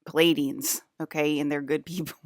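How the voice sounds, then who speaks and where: A woman's voice: low-pitched, little pitch movement, normal speed, no echo, clean studio sound. A young woman streaming to her chat, rambling casually, giggling often and restarting her sentences with lots of fillers. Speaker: livestreamer talking to chat.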